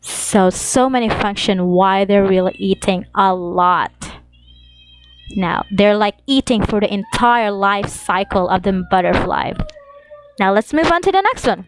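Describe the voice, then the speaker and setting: A woman teaching an English lesson to young children, reading examples slowly in an exaggerated sing-song way. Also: medium pitch, animated, faint music behind.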